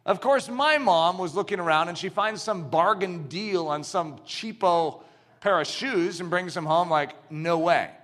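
Animated preacher with a high bright voice. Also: male voice, measured pace. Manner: animated storytelling, builds to emphatic shouts. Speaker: pastor. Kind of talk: sermon.

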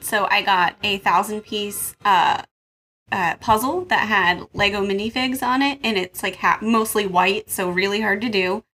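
A woman's voice: mid-range voice, bright, forceful tone. A woman co-hosting a podcast, chatting casually with a wry, teasing manner. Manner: wry, quick to tease. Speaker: podcast co-host. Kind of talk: casual chat.

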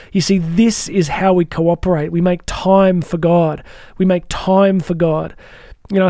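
A man's voice: high-pitched, mellow, no room sound, studio quality. A man hosting a devotional podcast for teachers, talking earnestly and repeating key lines for emphasis. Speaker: podcast host and speaker for Catholic teachers. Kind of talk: devotional motivational talk.

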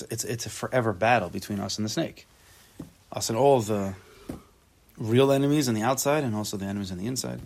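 Here is a man leading an informal Torah class in a conversational tone. He stops to repeat himself while searching for words and drops in playful asides. He works through the text line by line, translating as he goes, at an average pitch for a man. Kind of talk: casual spoken Torah class.

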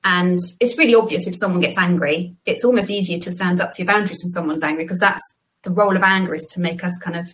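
A woman's voice: fairly low pitch, fast, a bit bright, low-quality recording. A woman psychologist co-hosting a podcast, explaining ideas in a thoughtful, casual way with light laughs. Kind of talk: casual conversation.

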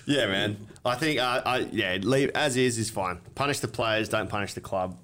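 A man's voice: fairly low pitch, normal speed, sharp tone. A young Australian man co-hosting a podcast, chatting casually, swearing freely, laughing often and telling stories with quoted lines. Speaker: podcast co-host. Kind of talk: casual chat.

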